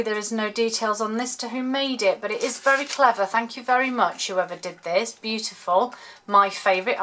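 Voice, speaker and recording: Casting note: chatty woman vlogger, bright forward voice, gushing and excitable, faint street noise and paper crinkle behind. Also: mid-range voice, poor audio. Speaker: crafter showing gifts. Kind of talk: casual craft vlog. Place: home room, road sweeper outside.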